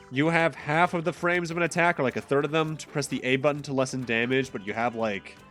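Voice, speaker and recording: A man's voice: a little high, fairly bright tone. A man from Massachusetts streaming a game, chatting casually with jokes and rambling asides over faint game music. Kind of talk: casual gameplay commentary.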